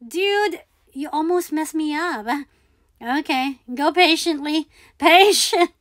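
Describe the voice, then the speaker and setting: A woman's voice: sits high, takes it slowly, a bit bright, no room sound, studio quality. A woman giving live commentary on her own gameplay, talking herself through each move, repeating words and pleading with the game. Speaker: gaming video creator.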